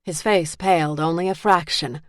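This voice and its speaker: A woman narrating an audiobook in a measured, even way, recorded in a booth. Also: on the low side, no echo, studio quality.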